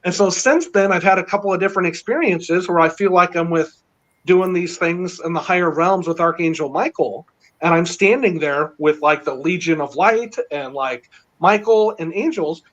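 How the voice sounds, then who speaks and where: A middle-aged man telling a long story in casual chat, rambling and excited, with many fillers. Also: high-pitched. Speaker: panel guest. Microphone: video call. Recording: dull lo-fi online call audio.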